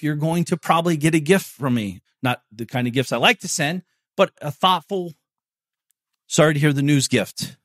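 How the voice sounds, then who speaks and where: A man's voice: fairly high pitch, fairly bright tone, no echo, clean studio sound. A man hosting his own podcast, talking in a brash, profane, salesy pep-talk monologue. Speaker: podcast host. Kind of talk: casual motivational monologue.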